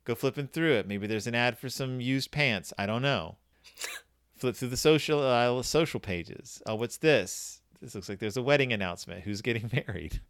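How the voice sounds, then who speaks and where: A man in casual conversation about a novel, laughing often and briefly acting out the characters. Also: medium pitch. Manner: animated, laughing often, acts out characters in quick voices. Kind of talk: casual book discussion.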